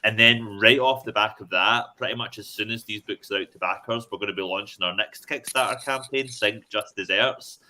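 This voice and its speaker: A man talking as a guest in a casual chat over a video call, relaxed and full of ums. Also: on the low side, moderate pace, hardly any pauses. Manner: relaxed, plain, with many ums. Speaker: guest comics writer.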